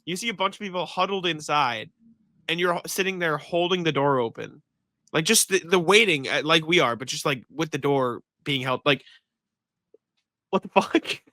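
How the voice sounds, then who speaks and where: Young male podcast co-host, bright crisp voice, lively storyteller. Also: a little high, moderate pace, no echo, clean studio sound. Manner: animated storytelling, swearing, laughing. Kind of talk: casual podcast chat.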